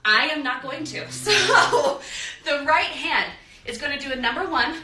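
A woman's voice: sits high, expressive, measured pace, noisy background. A young American woman teaching a dance class, counting beats aloud and singing out the steps. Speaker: dance instructor. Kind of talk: live online dance class. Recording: roomy studio, mic at a distance.

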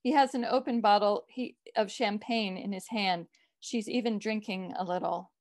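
With a voice at a woman's middle pitch, an author reads aloud from her own short fiction in a steady, measured way. There's no room echo; the sound is close and dry.

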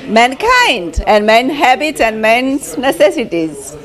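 Lady painter, fairly high voice, halting, hunting for words, little laughs. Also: big pitch swings. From Romania. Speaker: artist presenting her paintings. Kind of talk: casual interview. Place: art gallery opening.

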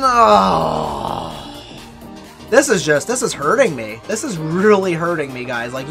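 An animated game commentator whose voice swings up and down, narrating card pack openings with countdowns. The delivery is playfully melodramatic, milking each disappointing pull for comic despair. Faint music plays underneath. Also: medium pitch, gravelly. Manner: playfully melodramatic about bad luck; counts down before each reveal. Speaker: mobile game YouTuber.

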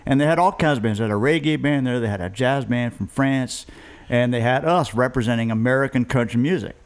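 A man's voice: medium pitch, brisk. A middle-aged man, a guest musician, telling road stories in a rambling, self-deprecating way. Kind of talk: casual storytelling chat.

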